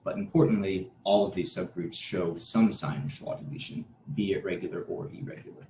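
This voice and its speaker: Low-voiced man giving an academic talk. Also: fairly quick. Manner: steady explanatory delivery with occasional restarts. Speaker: conference presenter. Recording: echoey room with faint noise.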